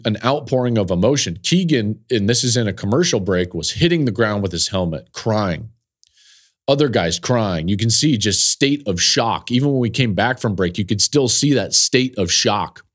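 A middle-aged man hosting a football podcast, telling an emotional story in an earnest way that builds in intensity. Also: medium pitch. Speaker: college football analyst and podcast host.

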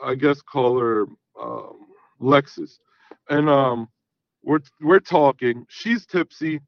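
A man's voice: mid-range voice, takes it slowly, creaky, no room sound, lo-fi sound. A man in his thirties calling in to a talk show, telling a profane story casually and acting out the dialogue. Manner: animated, profane, acts out quoted dialogue. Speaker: caller.

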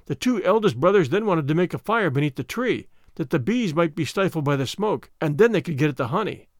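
A man reading fairy tales aloud in a measured, expressive storytelling manner. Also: fairly high pitch, dry recording, clean studio sound.

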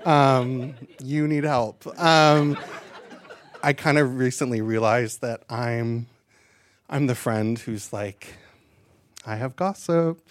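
Slow-talking stand-up comedian, mid-pitched man. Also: level tone. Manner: chatty and self-deprecating, many fillers and asides. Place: live comedy stage.

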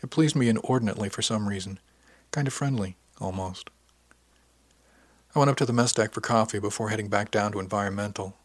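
Male narrator, low voice, husky, dry close sound, easygoing first-person audiobook reading. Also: fairly quick, dry recording.

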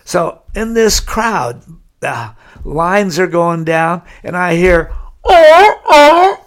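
A man's voice: fairly high pitch, takes it slowly, fairly bright tone. An older man from California, telling long anecdotes in an interview and chuckling as he goes. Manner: rambling anecdotal storyteller, chuckles. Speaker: guest. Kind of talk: storytelling interview.

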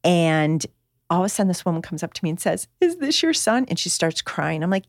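A woman's voice: fairly low pitch, fairly even intonation, fast, a little mellow, no echo, studio quality. A middle-aged woman in casual conversation, telling stories animatedly and acting out the voices of the people she quotes. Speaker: guest, author and mother.

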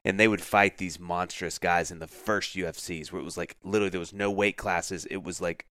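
The voice belongs to a man co-hosting a podcast, pitched low and moving at a fairly quick clip. He's an animated storyteller who performs quotes and laughs often, recorded cleanly in a studio with no echo.

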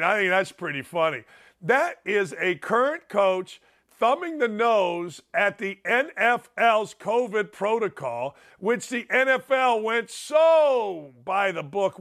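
A man's voice: sits high, a bit bright. A man with a Northwest Indiana accent hosting a sports talk show, brash and mocking in an opinionated monologue. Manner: brash, mocking, slips into mimicking voices. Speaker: radio show host.

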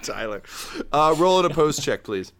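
A man narrating as game master of a tabletop game, with halting speech full of fillers. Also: on the high side, big pitch swings, a bit bright, slight background noise.

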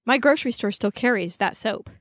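A woman co-hosting a podcast, telling the story in a chatty, animated way full of asides. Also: a little high, brisk, dry recording. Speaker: podcast co-host. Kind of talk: casual recap chat.

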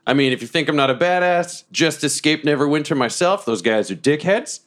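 A man's voice: on the high side, animated, brisk, fairly bright tone. A man playing a tabletop game, wry, joking and profane. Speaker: player.

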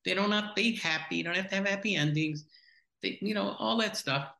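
A man's voice: sits high, brisk, creaky, sharp tone, reverberant, low-quality recording. A man co-hosting a film podcast, speaking bluntly and with exasperation, tossing in sarcastic quips. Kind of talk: casual film discussion.

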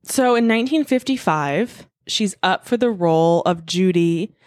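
A woman's voice: fairly low pitch, lively intonation, unhurried, darkish tone, no echo, clean studio sound. A woman hosting a podcast, telling a story in a chatty way, full of fillers and swearing freely. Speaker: podcast host. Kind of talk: casual storytelling.

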